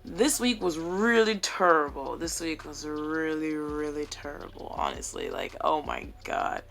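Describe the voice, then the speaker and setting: Chatty young woman with a lowish voice. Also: expressive, measured pace, gravelly, fairly bright tone, slight background noise. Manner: chatty, joking, candid and profane. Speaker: vlogger. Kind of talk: casual chat to camera. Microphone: phone camera.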